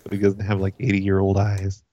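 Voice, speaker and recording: A man's voice: low voice, monotone, a little fast, mellow, no room sound, dull audio. A man co-hosting a podcast, bantering casually and swearing freely. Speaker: podcast co-host.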